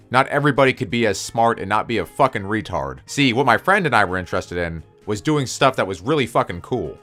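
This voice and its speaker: A man's voice: medium pitch, a bit bright. A young man telling a personal story in a casual, crude, joking way with mock-spooky flourishes.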